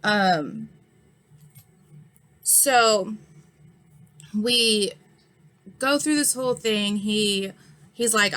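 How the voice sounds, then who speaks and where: A woman's voice: mid-range voice, steady tone, unhurried, long pauses, a bit bright. A woman in her thirties with an injured, swollen eye, frankly retelling an incident in a casual vlog. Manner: frank, heated retelling with many fillers. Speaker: vlogger. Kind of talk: casual storytime monologue.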